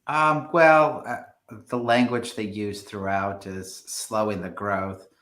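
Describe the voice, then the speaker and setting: Real estate agent: man, lowish pitch, halting and filler-heavy, in an echoey room. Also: fairly even intonation, fairly bright tone. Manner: hesitant, many fillers and restarts. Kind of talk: live stream market discussion.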